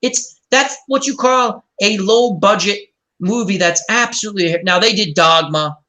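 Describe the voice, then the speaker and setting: A man's voice: high voice, normal speed, sharp tone. A man hosting a casual online group chat, talking enthusiastically and rambling with many restarts. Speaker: host of an online chat show.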